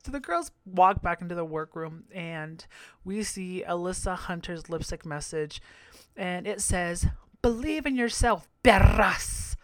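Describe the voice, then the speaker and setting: A man's voice: high voice, unhurried, smooth, no room sound. A man hosting a podcast, giving a campy, profane, giggly episode recap. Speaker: podcast host.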